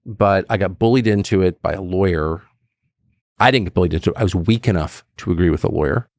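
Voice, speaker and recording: A man's voice: low-pitched, quick pace, no room sound, studio quality. A man in his fifties, a guest telling stories in a conversational interview and acting out quotes. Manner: animated storyteller who acts out quotes.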